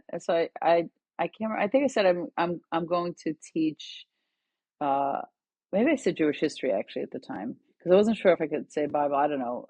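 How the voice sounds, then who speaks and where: A middle-aged woman, a guest author and educator, tells stories in conversation and animatedly acts out the quoted dialogue. Her voice is low, brisk and slightly rough, recorded without echo.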